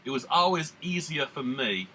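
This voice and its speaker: A man's voice: a little high, lively intonation, moderate pace, bright, forceful tone, husky. A man from the United States hosting a casual beer-tasting vlog in a put-on American Southern drawl, rambling and laid-back with slang. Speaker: beer reviewer.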